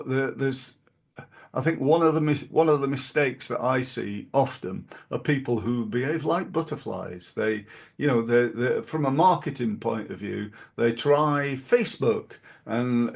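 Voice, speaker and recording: A man's voice: medium pitch, measured pace, creaky. A middle-aged British man hosting a podcast, talking through business advice casually, with lots of fillers and restarts. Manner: rambling, many fillers and restarts. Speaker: podcast host.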